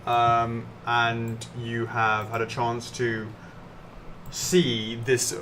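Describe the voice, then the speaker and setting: A man's voice: mid-range voice, monotone, drawn-out words, pushed and bright, slight background noise. Chatty man co-hosting a livestream. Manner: reads viewer comments aloud, chatty, laughs often. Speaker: livestream co-host. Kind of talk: casual live-stream chat.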